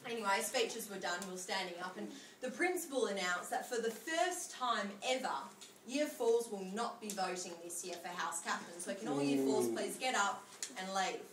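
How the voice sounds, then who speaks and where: A woman's voice: mid-range voice, animated, moderate pace. A young woman giving a humorous birthday speech, telling stories and laughing often as she speaks. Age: young adult. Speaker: speech giver at a friend's 21st birthday. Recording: echoey room, mic far off, noisy.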